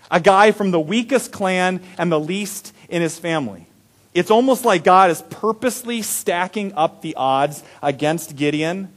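Animated higher-voiced male preacher. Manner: animated, chuckling, drops to soft low tones. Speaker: pastor. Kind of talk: sermon.

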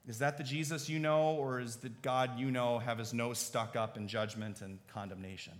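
A man preaching a sermon as pastor, moving between hushed, earnest appeals and lively storytelling. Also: mid-range voice, moderate pace, hardly any pauses. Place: church sanctuary. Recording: long reverb of a large church hall.

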